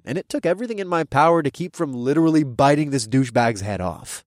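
Young male audiobook narrator, wry and casual, lively pitch, dry close studio sound. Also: fairly quick, few pauses, no room sound. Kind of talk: first-person scripted narration.

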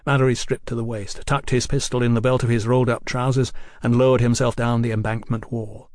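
A man narrating an audiobook in an even, unhurried way. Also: medium pitch, no echo, studio quality. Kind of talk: scripted narration.

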